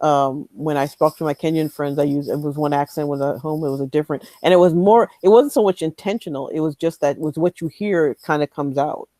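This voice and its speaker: A woman's voice: sits low, a little fast, hardly any pauses, dark tone, no room sound, rough recording. A woman from Michigan talking casually as a podcast panelist, thoughtful and conversational. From Michigan, USA. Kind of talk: casual chat.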